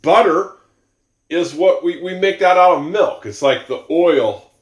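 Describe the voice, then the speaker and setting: A man teaching English to learners, going slowly and repeating example sentences, with musing asides. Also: a little high, reverberant.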